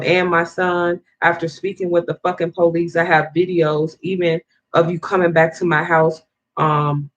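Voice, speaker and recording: A woman's voice: deep voice, lo-fi sound. A woman in an angry, profane rant to camera, swearing heavily and rambling with restarts as she vents. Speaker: vlogger.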